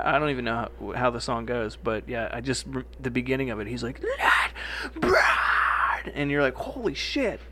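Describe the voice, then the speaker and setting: Young man, casual podcast chat, profane, quotes people, mid-pitched voice. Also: fairly bright tone, a little hiss or hum. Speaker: podcast co-host.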